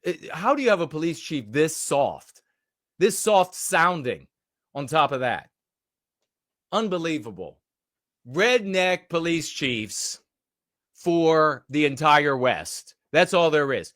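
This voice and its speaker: A man's voice: a little high, big pitch swings, slow pace, long pauses, a bit bright, dry recording. Man ranting angrily, dry sound. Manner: angry, mocking, with many fillers and restarts. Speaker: commentator. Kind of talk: ranting commentary on a news clip.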